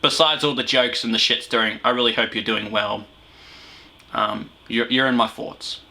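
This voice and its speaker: A man's voice: mid-range voice, steady tone, moderate pace, creaky, sharp tone. Crude, joking young Australian man. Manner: crude, joking, rambling with fillers. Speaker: host. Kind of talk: comedic video review commentary.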